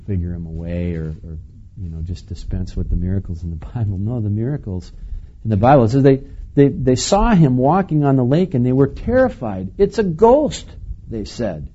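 A man preaching a sermon in a relaxed, conversational way, chuckling now and then and asking the listeners questions. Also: fairly low pitch, husky, muffled recording. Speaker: pastor.

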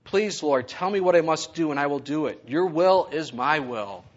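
A man voicing a desperate man on a cliff, pleading and shouting in a husky voice. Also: fairly high pitch, lively intonation, moderate pace, lo-fi sound.

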